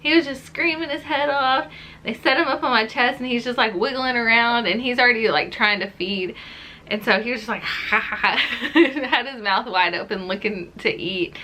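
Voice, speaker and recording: A woman's voice: fairly high pitch, normal speed, over music. A young woman telling a personal story to her camera in a chatty, casual way, with many "like"s. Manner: chatty, says "like" often. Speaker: vlogger.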